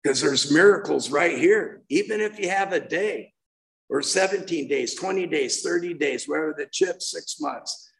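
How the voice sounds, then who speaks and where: A man's voice: on the high side, normal speed, vocal fry, a bit bright, low-quality recording. A man in his sixties giving a heartfelt, rambling personal share as main speaker at a recovery meeting, often restarting his sentences.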